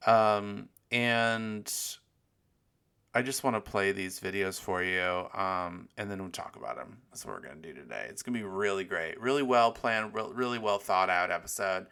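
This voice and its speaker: Male podcast host, low gravelly voice, rambling, profane, self-mocking. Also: normal speed, sharp tone. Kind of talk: casual solo podcast chat.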